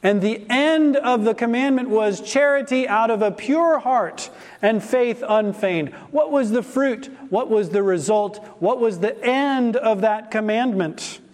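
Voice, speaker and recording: A man's voice: sits high, a little slow, long reverb tail. A man preaching an expository sermon in a church, asking rhetorical questions and stressing key words.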